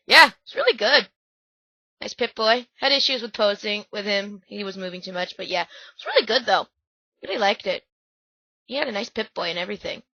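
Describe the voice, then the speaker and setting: A young woman talks through her slideshow in a breathless, gushing way, breaking into squeals. Her voice sounds strained and sore, with a bright, tense edge. The recording is dry and dull, like a cheap lo-fi mic. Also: fairly high pitch, no room sound. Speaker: vlogger. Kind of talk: slideshow commentary.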